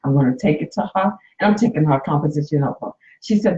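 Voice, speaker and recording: A woman's voice: medium pitch, very animated, a little fast, a little mellow. Woman, late fifties, coach and nurse talking openly to viewers on her phone; roomy, slightly muffled sound. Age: 50s. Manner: candid and emotional, speaks to viewers directly. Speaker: coach and nurse hosting a live stream. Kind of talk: casual live-stream talk.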